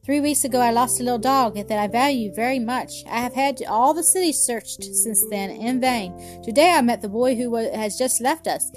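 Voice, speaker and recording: A courteous gentleman in his sixties speaks with formal, old-fashioned politeness, as a woman reads him. The voice sits fairly high. Soft music plays faintly underneath. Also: normal speed, few pauses, natural voice. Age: 60s. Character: kindly older wealthy gentleman, formal and polite.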